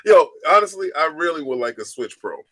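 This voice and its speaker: A man's voice: on the high side, big pitch swings, fairly quick, a bit bright, no room sound. A man co-hosting a gaming podcast, rambling in a loose chat with lots of fillers and restarts. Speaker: podcast co-host.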